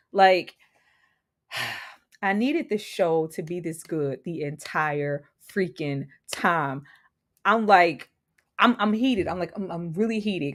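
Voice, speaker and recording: A young woman hosting a casual TV review livestream, laughing often and greeting viewers by name. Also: fairly low pitch.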